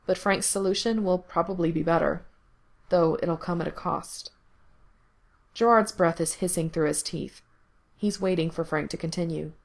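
Low gravelly woman reading a story. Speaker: reader. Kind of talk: reading explicit fan fiction aloud.

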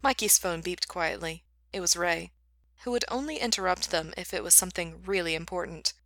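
Bright, dry-voiced woman reading a story. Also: lowish voice, fairly even intonation, a little fast, no room sound. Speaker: narrator. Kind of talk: storybook narration.

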